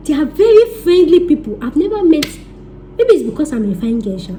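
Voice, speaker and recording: A young Nigerian woman chatting to camera in a casual vlog, her voice high-pitched yet soft and mellow. She teases and speaks straight to her viewers, dropping into pidgin as she goes. A faint hiss of noise sits under her voice. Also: very animated, fast talker. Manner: chatty, teasing, addresses viewers directly, slips into pidgin. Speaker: vlogger giving relocation advice.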